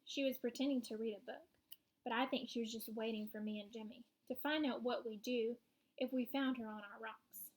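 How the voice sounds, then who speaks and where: A woman narrating a children's storybook in the first person, lively and wry. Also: fairly high pitch, fairly quick.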